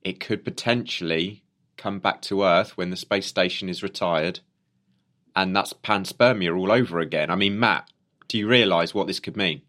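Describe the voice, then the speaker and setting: A British man co-hosting a casual news podcast, speaking in a jokey, playful way with sudden exclamations. His voice sits a little lower than most men's. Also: normal speed, fairly bright tone. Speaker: podcast co-host.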